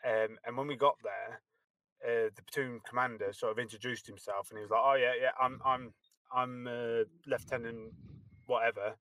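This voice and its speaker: A man's voice: medium pitch, fairly even intonation, moderate pace, bright, forceful tone, no room sound. A man, a former Guardsman, telling an army anecdote in a hesitant, filler-heavy way. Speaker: podcast co-host, ex-Guardsman. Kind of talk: casual anecdote.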